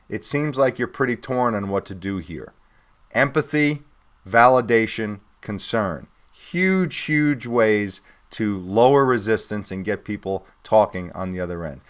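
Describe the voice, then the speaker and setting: Middle-aged male sales trainer, lowish voice, coaching tone, acts out sample calls. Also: fairly bright tone. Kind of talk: recorded course lesson.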